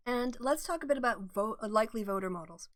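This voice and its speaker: A woman's voice: fairly high pitch, expressive, quick pace. A middle-aged woman hosting a casual livestream, talking through polling in a chatty, analytical way and greeting her viewers. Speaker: livestream host. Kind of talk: casual political livestream chat.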